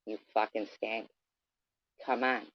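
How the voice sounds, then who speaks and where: A man's voice: fairly low pitch, flat delivery, unhurried, no room sound. A man delivering an aggressive, profane, taunting rant straight at his camera. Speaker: vlogger. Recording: dull lo-fi dry sound.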